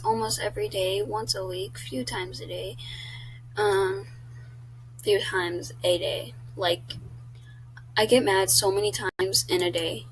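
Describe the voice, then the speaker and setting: Teen girl vlogger, mid-pitched, chatty and blunt, faint background hum. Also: steady tone, measured pace, low-quality recording. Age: teens. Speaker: YouTuber. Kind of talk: casual vlog chat.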